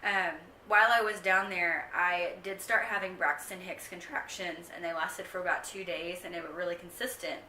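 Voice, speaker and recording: A woman's voice: lowish voice, fairly even intonation, normal speed, few pauses, sharp tone, distant mic, a little hiss or hum. Chatty young woman in echoey room. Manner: chatty, rambling with frequent ums. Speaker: vlogger giving a pregnancy update. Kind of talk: casual chat to camera. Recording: echoey room, mic set back.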